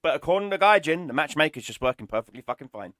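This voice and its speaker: A man's voice: on the high side, animated, fast, a bit bright, dry recording, clean studio sound. A man streaming a game, ranting in an exasperated, sarcastic way and swearing often. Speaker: gaming streamer. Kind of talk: ranting gameplay commentary.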